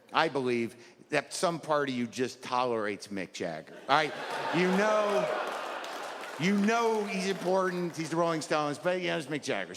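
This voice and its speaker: A man's voice: fairly high pitch, noisy background. A man performing a stand-up routine on a live stage, telling a rambling, stammering, self-deprecating story. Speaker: stand-up comedian. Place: live comedy stage before an audience. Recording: reverberant live hall with audience.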